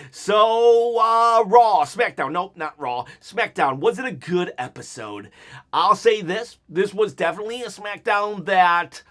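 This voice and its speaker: A man's voice: on the high side, sharp tone. A man giving an unscripted one-take review of a wrestling episode, rambling and joking as he goes off on tangents.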